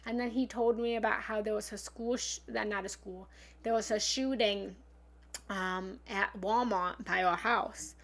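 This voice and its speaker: A woman's voice: medium pitch, steady tone, a little slow. A woman giving an earnest, encouraging live-stream self-help talk as a spiritual love coach, speaking frankly and repeating affirmations from her home office. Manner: frank, occasionally swears. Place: home office and meditation room.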